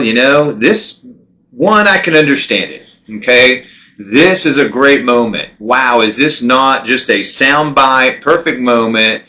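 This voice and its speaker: Bright-voiced indignant male commentator. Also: medium pitch. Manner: indignant, conversational, with many restarts. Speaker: political commentary host. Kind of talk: casual political commentary.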